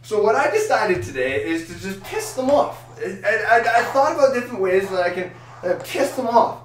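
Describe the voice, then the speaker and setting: A high-voiced man rants with a lively, swooping delivery and plenty of swearing. He sits away from the mic in an echoey room, with a faint hiss behind him. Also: normal speed, recorded from a distance. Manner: loud, swearing, excitable rants. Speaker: podcast co-host. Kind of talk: casual profane ranting chat.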